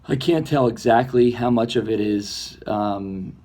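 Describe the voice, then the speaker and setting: A man, a comedy filmmaker, talking in a rambling, reflective monologue that grows animated as he acts out imagined voices. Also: mid-range voice, unhurried.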